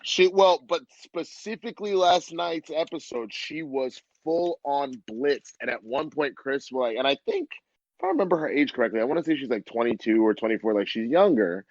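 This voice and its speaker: Guesting on a laid-back podcast, a man in his early thirties who does comedy tells animated stories packed with swearing and laughter. He speaks at medium pitch and normal speed on a dry recording, and the remote audio comes through dull and muffled.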